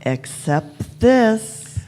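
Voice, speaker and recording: A wily time traveller , voiced by a woman, speaks with imperious, deliberate authority and leans on every phrase. It is a live fan radio play. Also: fairly high pitch, big pitch swings, mellow, slight background noise, full character voice. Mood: explaining. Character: wily elderly female time traveller, the Doctor.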